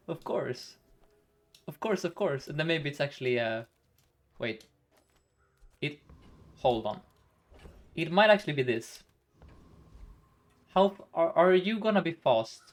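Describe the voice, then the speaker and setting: A man's voice: a little high, expressive, slow pace, long pauses. A man streaming a game live, thinking aloud about each move in a chatty way and laughing often.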